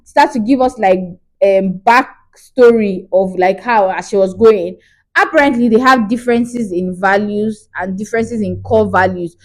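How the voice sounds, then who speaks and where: A woman, chatting through a casual movie review vlog in an animated, storytelling way. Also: mid-range voice.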